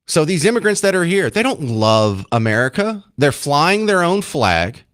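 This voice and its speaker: A man's voice: on the high side, very animated, moderate pace, fairly bright tone. A man hosting a talk radio show, giving emphatic, indignant commentary.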